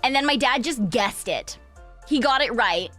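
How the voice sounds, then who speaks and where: A woman's voice: fairly high pitch, animated, moderate pace, fairly bright tone, soft background music. Rambling young woman streamer. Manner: rambling storytelling, casual swearing. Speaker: VTuber streamer. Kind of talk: casual chat.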